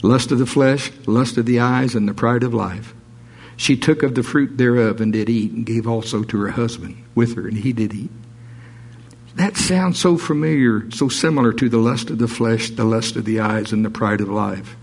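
Husky man preaching a sermon. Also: medium pitch, normal speed. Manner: animated, reads scripture aloud with jokes and asides.

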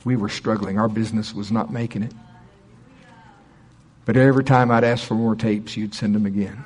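A middle-aged man preaching, telling a story in an animated way and acting out quoted people with a raised voice. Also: on the low side, normal speed, breathy edge. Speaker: pastor. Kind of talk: sermon storytelling.

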